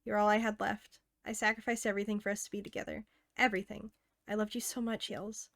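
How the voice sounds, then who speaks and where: A woman reading aloud as a self-aware teenage game girl, earnest and intimate, softly pleading. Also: mid-range voice, little pitch movement, quick pace, creaky, no room sound. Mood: bitter.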